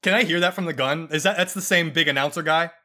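A man's voice: fairly high pitch, quick pace, background noise. A man playing in a tabletop game, chatting casually and stumbling over his words. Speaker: player. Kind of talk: casual tabletop role-play.

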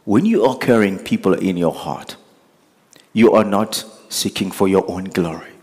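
Preacher man with a husky voice in a reverberant hall. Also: deep voice, moderate pace, darkish tone. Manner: earnest, rising to impassioned pleading. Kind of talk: sermon. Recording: echoey hall with long reverb.

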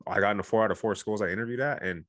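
A man's voice: on the low side, racing, a bit bright, no room sound, clean studio sound. A man in his thirties, a guest on a talk show, telling his own story candidly and earnestly, with many restarts and "you know"s.

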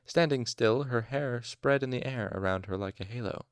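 A man's voice: mid-range voice, moderate pace, clean tone, dry recording, studio quality. A man reading a novel aloud expressively, with occasional asides and self-corrections. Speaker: audiobook narrator.

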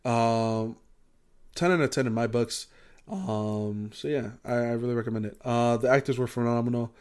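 A man's voice: mid-range voice, normal speed, a little mellow, clean tone. A man co-hosting a podcast in casual chat, rambling with many fillers and freely swearing. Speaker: podcast co-host.

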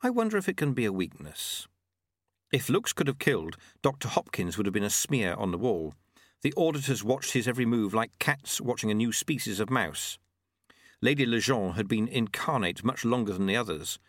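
A man narrating a fantasy novel with an animated, rising-and-falling delivery. The recording is close and dry, with no room sound. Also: lowish voice, normal speed, no room sound. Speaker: audiobook narrator. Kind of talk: scripted narration.

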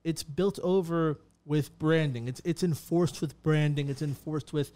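A man's voice: fairly high pitch, steady tone, a little slow, warm tone. A man co-hosting a casual podcast, talking emphatically and profanely and tossing in "bro" often. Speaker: podcast co-host.

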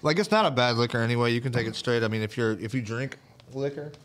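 A man's voice: mid-range voice, fast, a bit bright. A man co-hosting a live-stream podcast, chatting loosely and swearing in casual banter. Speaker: podcast co-host.

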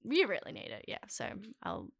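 A woman's voice: very deep voice, wildly swooping pitch, normal speed, vocal fry, a bit bright, dry recording, clean studio sound. A young woman, an actress chatting in an interview, rambling with lots of fillers. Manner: rambling, filler-heavy, laughs often. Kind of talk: casual interview chat.

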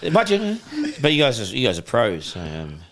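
This middle-aged man speaks with a New Zealand accent in a low voice that swings widely up and down as he talks. He tells his stories on a podcast in a relaxed way, laughs a lot and acts out the lines of everyone involved. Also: a little fast, crowd noise. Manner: animated, laughing, acts out quotes. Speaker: guest broadcaster. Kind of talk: casual podcast storytelling.

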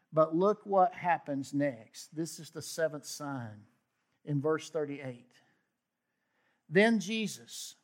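A man preaching a sermon, reading scripture aloud with emphatic asides. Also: on the high side. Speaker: pastor.

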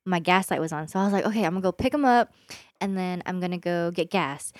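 A woman's voice: on the low side, fast talker, no echo, clean studio sound. A young woman co-hosting a podcast, telling stories in a casual chat and laughing often. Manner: animated storytelling, laughs often, quotes herself. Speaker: podcast co-host.

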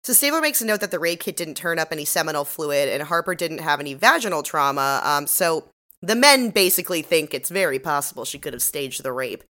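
A woman's voice: low voice, big pitch swings, a little fast, sharp tone. A woman co-hosting a podcast, recapping an episode in casual chat, sarcastic and swearing freely. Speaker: podcast co-host.

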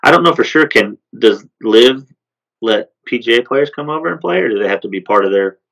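A man co-hosting a podcast, talking sports in a relaxed, rambling way with lots of fillers. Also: mid-range voice, brisk, vocal fry, low-quality recording. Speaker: podcast co-host. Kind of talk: casual sports chat.

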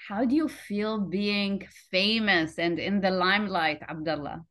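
A woman hosting an interview, enthusiastic and quick to exclaim. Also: mid-range voice, fairly bright tone. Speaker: interview host. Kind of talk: casual interview.

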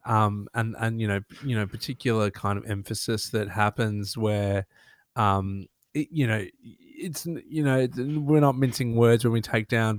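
A man's voice: lowish voice, no echo, studio quality. A man with an Australian accent hosting a casual panel discussion, rambling with many fillers as he works toward his point. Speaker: panel host.

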